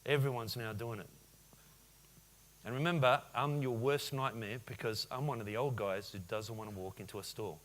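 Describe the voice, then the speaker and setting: Guy in his 40s doing a conference keynote, keeps asking the crowd stuff, mid-pitched voice. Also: moderate pace. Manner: lively, addresses audience with questions. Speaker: conference speaker. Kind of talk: business keynote talk. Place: conference hall.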